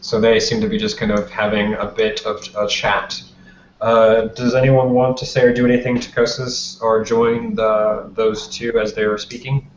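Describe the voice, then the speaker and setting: A man's voice: fairly low pitch, completely flat delivery, normal speed. A man narrating as game master in a tabletop game, telling the scene in a loose, conversational way. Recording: roomy, dull lo-fi, faint noise.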